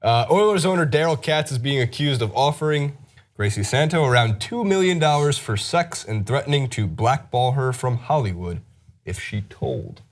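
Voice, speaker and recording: A man's voice: mid-range voice, lively intonation, normal speed. A man hosting a sports news chat show, talking through a story in a casual, wry way with lots of fillers. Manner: wry, joking delivery with frequent fillers.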